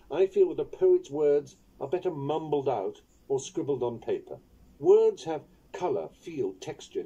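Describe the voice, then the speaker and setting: A man reading his own instructional book on poetry aloud in a wry, playful, unhurried way. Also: medium pitch, warm tone, breathy edge, dull audio. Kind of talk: audiobook narration of an instructional book.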